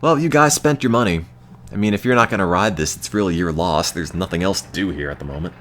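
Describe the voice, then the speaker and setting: An American man streaming a game, chatting to his viewers in a deadpan, self-mocking way. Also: low voice, fast talker, a little hiss or hum. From United States. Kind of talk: casual gameplay commentary to chat.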